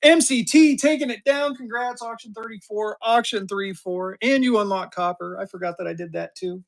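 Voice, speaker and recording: A man in his fifties running a live-stream auction, talking fast and joking through his patter. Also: high voice, creaky. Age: 50s. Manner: energetic, joking, drawling "y'all" asides.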